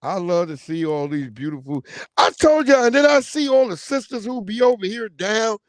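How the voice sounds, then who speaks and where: A man hosting a casual livestream, talking in an animated, slangy way and calling out viewers by name. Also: high voice, normal speed, no echo, studio quality. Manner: animated, slangy, reads viewer names aloud. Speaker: livestream host.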